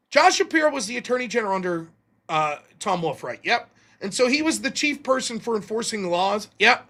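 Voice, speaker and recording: Animated, profane man ranting. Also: extremely high pitch. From Pennsylvania. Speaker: host of call-in show. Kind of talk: casual political rant.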